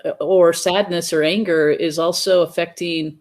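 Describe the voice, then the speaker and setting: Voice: medium pitch, fairly even intonation, moderate pace, darkish tone. Thoughtful podcast host asking questions. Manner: thoughtful, musing. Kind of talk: interview questions.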